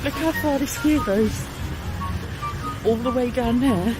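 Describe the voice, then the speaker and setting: A woman's voice: a little high, slow pace, rough recording. A woman chatting casually in a vlog, surprised at what she sees. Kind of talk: casual vlog while queuing. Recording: loud music behind the voice.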